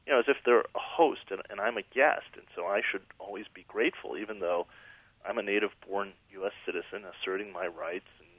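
Midwest guy calling in to a radio show, low voice, thin phone-line sound, earnest and thoughtful. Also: brisk, slightly rough, no echo. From American Midwest. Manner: earnest, reflective, with frequent restarts. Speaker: author and guest. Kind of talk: radio call-in interview. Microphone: telephone.

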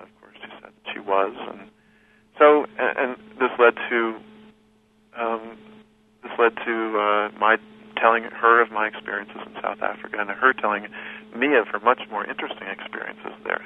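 Gravelly man on a tinny phone line. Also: fairly low pitch, steady tone. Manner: thoughtful, unhurried, with frequent restarts. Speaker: guest recounting a journey. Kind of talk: reflective storytelling in an interview.

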